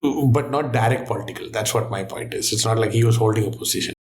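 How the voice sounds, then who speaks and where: Man telling a story with animated energy. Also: on the low side, fast, slight background noise. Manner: animated storyteller, thinks aloud. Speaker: quiz guest. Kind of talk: casual quiz chat.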